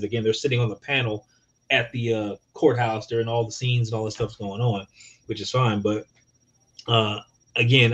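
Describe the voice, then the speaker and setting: A man's voice: mid-range voice, dull audio. A man co-hosting a casual review chat, talking loosely and rambling through his points. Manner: loose and rambling, full of fillers. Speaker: podcast co-host.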